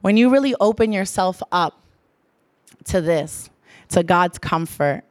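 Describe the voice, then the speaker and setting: A woman's voice: mid-range voice, dry recording. A young adult woman giving an earnest sermon, repeating phrases for emphasis. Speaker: church speaker.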